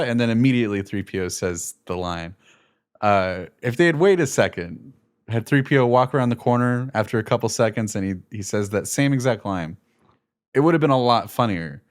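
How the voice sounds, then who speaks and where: A man chatting casually as a film reviewer, animated and jokey, slipping into quick impressions of characters. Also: fairly low pitch. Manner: animated, jokey, slips into quoted character voices. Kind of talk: casual movie review chat.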